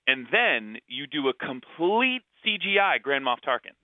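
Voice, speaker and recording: A man's voice: a little high, very animated, a little slow, dry recording, narrow, tinny audio. A man co-hosting a casual movie discussion podcast, rambling and opinionated, with lots of fillers. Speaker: podcast co-host.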